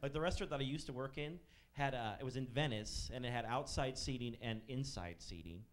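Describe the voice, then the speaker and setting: A man's voice: mid-range voice, a little fast, a little hiss or hum. A man in his thirties performing a stand-up set on a comedy club stage, telling profane, sardonic stories about waiting tables. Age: 30s.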